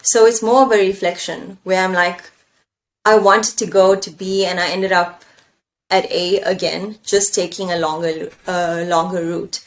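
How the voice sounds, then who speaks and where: A woman's voice: fairly low pitch, steady tone, unhurried. Thoughtful woman poet, searching and reflective. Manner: thoughtful, searching, with fillers and self-questioning. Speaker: poet and engineer, coaching guest. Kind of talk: reflective conversation.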